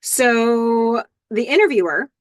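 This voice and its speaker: A woman hosting a podcast, casually recapping a TV episode scene by scene with lots of fillers and excited asides. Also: a little high, takes it slowly, dry recording, studio quality. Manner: chatty, lots of fillers and "I don't know", excited outbursts.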